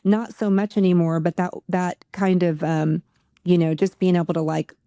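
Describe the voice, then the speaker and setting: An American woman hosts a relaxed interview and talks in loose, rambling questions. Her voice is mellow and warm, and it sounds dry and close with no room echo. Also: lowish voice, moderate pace. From United States. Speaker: podcast host. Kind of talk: casual interview conversation.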